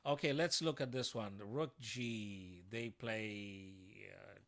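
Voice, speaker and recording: Excitable man thinking aloud over chess. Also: fairly low pitch, slow, vocal fry. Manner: thinks aloud, talking to his viewers; excitable, with sudden frustrated outbursts. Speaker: chess streamer. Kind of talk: live-streamed chess puzzle commentary.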